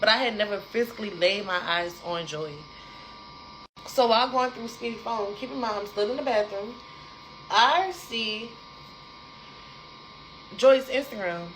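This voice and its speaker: A young adult woman casually telling a personal story to her viewers, animated and repetitive, talking straight to the audience. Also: on the high side, measured pace, pauses often, a little hiss or hum, rough recording.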